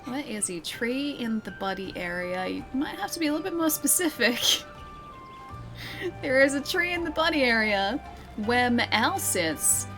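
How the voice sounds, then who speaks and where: Young female streamer, higher voice, playful and laughing, talking to chat over a desk mic. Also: lively intonation, moderate pace, over music. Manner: giggly, teasing, chatty with her chat. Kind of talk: live-streamed gameplay chat.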